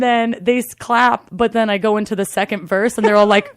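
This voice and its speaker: A young adult woman, a comedian, telling a story in a casual interview, animated and swearing, acting out the voices of the people in it. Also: fairly high pitch, fairly quick, few pauses. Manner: animated, swearing, acts out voices in her stories. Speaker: comedian and singing waiter.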